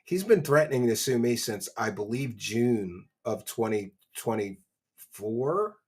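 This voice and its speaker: A man hosts a live stream and scoffs at the clips he plays. His voice sits at a middling pitch, and he speaks in a loose, conversational way. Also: lively intonation, takes it slowly, darkish tone, slightly rough. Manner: sarcastic, mocking. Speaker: host.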